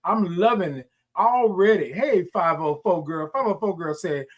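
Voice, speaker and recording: A man's voice: sits high, lively intonation, normal speed. A man hosting a casual morning livestream, greeting viewers by name, calling them y'all, and stretching his greetings into long sung notes. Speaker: livestream host. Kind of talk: upbeat morning livestream chat.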